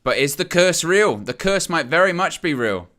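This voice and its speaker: A man's voice: on the high side, sing-song, normal speed, pushed and bright. A man hosting a live fan stream, giving casual running commentary on a football match, with fillers and restarts. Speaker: fan channel host.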